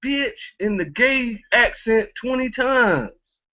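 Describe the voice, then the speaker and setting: A man hosts a loose commentary chat, talking in street slang and laughing often as he mocks. His voice swings widely in pitch and sits a bit high for a man. The audio is slightly dull and muffled. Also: sing-song, measured pace, fairly bright tone. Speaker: commentary show host.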